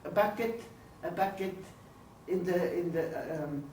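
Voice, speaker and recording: An older woman giving her testimony as a lecture, speaking slowly and searching for words. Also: on the low side, darkish tone, slight background noise. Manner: slow, halting, searching for English words. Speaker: Holocaust survivor giving testimony. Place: lecture hall. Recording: roomy hall, voice from far off.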